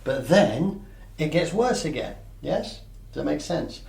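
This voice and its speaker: Gravelly man teaching in an echoey room. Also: fairly high pitch, big pitch swings, measured pace, darkish tone. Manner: conversational, checks understanding often. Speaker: mindfulness coach and therapist. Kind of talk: teaching a group session. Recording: echoey room, mic at a distance.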